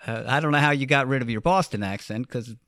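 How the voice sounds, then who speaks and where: A man's voice: medium pitch, quick pace, fairly bright tone, dry recording, clean studio sound. A man interviewing an older guest, asking polite, curious questions.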